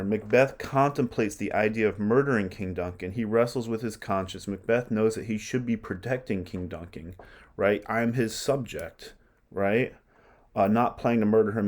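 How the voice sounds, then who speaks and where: A man's voice: fairly low pitch, darkish tone. A male literature teacher lecturing on a play in a conversational way, often checking in with his listeners. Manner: conversational, keeps checking with "right?".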